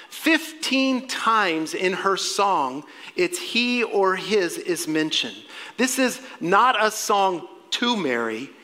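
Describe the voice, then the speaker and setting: Man preaching in a reverberant church. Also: high-pitched. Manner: animated preaching, swings from loud exclamation to quiet earnest appeal. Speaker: pastor. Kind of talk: sermon. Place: church sanctuary. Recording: long reverb of a church hall.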